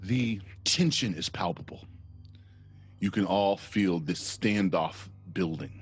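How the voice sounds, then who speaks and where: A man's voice: low-pitched, slow, breathy edge. A man narrating a tabletop game as game master with dramatic, descriptive narration.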